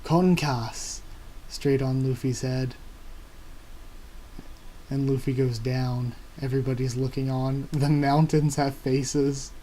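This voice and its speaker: A man hosting a casual live reading and reaction, narrating the action and gushing with excitement. His voice is mellow and pitched in the middle, with faint noise behind it. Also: slow, pauses often. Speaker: YouTube reaction host.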